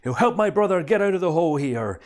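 A man's voice: high voice, lively intonation, voice pushed up. A man doing a pious, preachy church minister. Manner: drawn-out, preachy.

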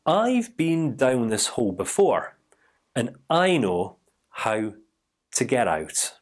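A man's voice: mid-range voice, very animated, takes it slowly. A man voicing an easygoing male friend who talks in a casual, reassuring way.

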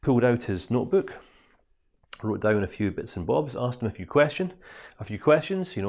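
A male life coach telling a story, his voice rising and falling in a lively, expressive way. He speaks conversationally and checks in with his listeners. The tone is casual and engaging. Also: mid-range voice, moderate pace. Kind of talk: storytelling lesson.

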